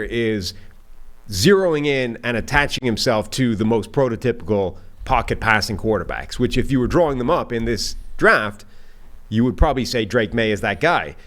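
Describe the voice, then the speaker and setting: A man co-hosting a football podcast, chatting casually and thinking aloud with frequent "right?" tags. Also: medium pitch. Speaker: podcast co-host, football analyst.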